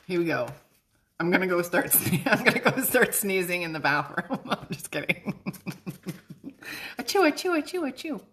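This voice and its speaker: Bubbly, bright-voiced woman livestreaming. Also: on the low side, animated, normal speed. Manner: bubbly, chatty, laughs often. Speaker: psychic medium livestream host. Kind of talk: casual livestream chat.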